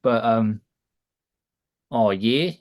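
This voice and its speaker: A man who is a guest on a casual podcast tells stories in a wry, offhand way. His voice sits at a middle pitch, and his jokes land dry. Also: very slow. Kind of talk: casual chat.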